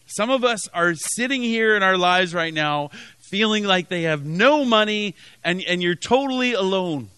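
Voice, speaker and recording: A man's voice: high-pitched, animated, moderate pace, hardly any pauses, pushed and bright, smooth, no echo. A man from Canada preaching a sermon as pastor, telling a story with many restarts and emphatic repetition.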